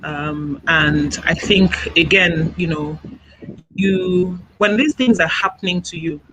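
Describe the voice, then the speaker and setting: A woman from Nigeria, interviewed over a video call, recounts her own experience in a soft, halting way. She often stops to gather her words and leans on small fillers. Her voice is bright and slightly tense. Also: lowish voice, breathy edge, rough recording. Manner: soft-spoken, halting, reflective, many "you know" fillers. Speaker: interview guest.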